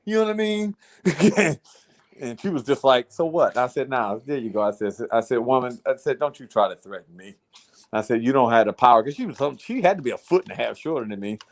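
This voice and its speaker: A man's voice: mid-range voice, lively intonation, fast. A man casually telling a long story to friends in a blunt, profane way, repeating "I said" as he retells it. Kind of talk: casual chat.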